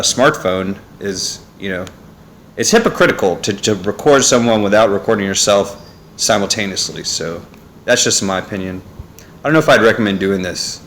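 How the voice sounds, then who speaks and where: The audio carries a little hiss or hum as a young man vlogs casually at home indoors, using a phone on a neck holder. His pitch is fairly low and his tone fairly bright. He rambles on in a meandering monologue full of fillers and asides.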